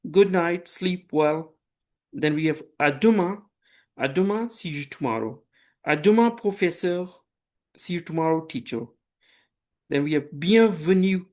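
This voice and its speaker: A man from Pakistan teaching a beginner French lesson, speaking patiently and deliberately, giving French phrases and their English meanings for the listener to repeat. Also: fairly high pitch, darkish tone. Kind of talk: slow language lesson with repetition drills.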